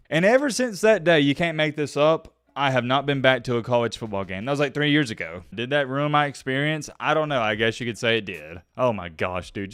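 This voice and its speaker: A man's voice: mid-range voice, fairly bright tone, smooth, no room sound, studio quality. A man telling a story and giving commentary to his audience in a casual, exasperated, ranting way. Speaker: sports commentary vlogger.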